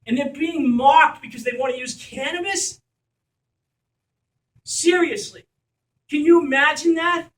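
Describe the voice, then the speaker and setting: At a community fundraiser held at a school, a male organizer with a very high-pitched, fairly bright voice gives an impassioned speech, blunt and occasionally swearing. He's far from the mic, so the recording sounds distant and echoey.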